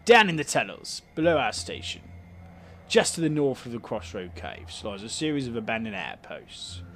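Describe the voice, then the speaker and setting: Cockney game councillor, big bearded man, calm and welcoming, lively up-and-down delivery, put on by a male player reading dialogue. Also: mid-range voice, moderate pace.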